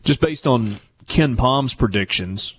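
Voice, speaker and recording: An easygoing man hosts a sports talk show, speaking at a middle pitch. He rambles loosely through his points, with fillers and restarts. He is calling in from away from the studio. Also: animated, takes it slowly, breathy edge. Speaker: sports radio host.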